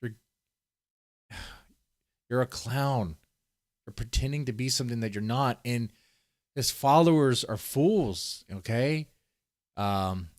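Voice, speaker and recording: A man's voice: medium pitch, no room sound, studio quality. A man giving rambling, profane casual commentary, often restarting his sentences as he reads posts on screen. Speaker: commentary streamer.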